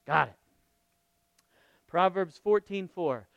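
Lively, high-voiced male preacher. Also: takes it slowly, vocal fry, no echo, lo-fi sound. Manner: lively, conversational, asks the audience questions. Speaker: pastor. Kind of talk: sermon.

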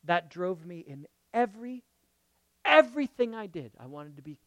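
A man preaching a conversational sermon as a pastor, jumping from loud emphatic lines to quiet murmured asides and checking in with his listeners. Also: high voice, lively intonation, normal speed, no room sound, dull audio. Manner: checks in with the audience, asking okay and right.

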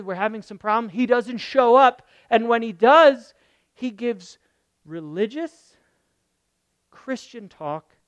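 A man preaching a sermon, asking his congregation questions and swinging from loud to very quiet. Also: high voice, clean tone, dry recording. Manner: talks straight to the congregation with questions. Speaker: pastor.

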